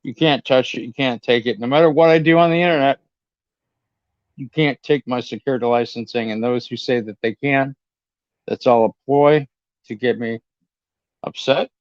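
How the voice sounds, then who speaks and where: A man's voice: medium pitch, moderate pace, pauses often, dry recording. A man from California on a casual livestream chat, defensive and defiant, plain-spoken with some swearing. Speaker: guest on a livestream. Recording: dry, dull lo-fi stream audio.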